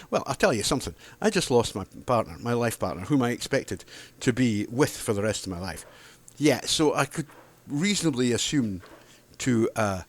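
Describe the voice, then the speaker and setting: A man's voice: mid-range voice, big pitch swings, normal speed. A man, delivering an angry, heated monologue to camera, sarcastic and swearing freely. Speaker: video blogger.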